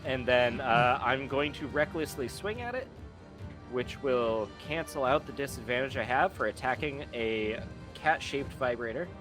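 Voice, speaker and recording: A man at a tabletop game, talking through his character's moves in a relaxed, rules-minded way. His voice is of middling pitch for a man. Music plays clearly behind him. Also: unhurried. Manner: laid-back, explains rules at length. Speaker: player.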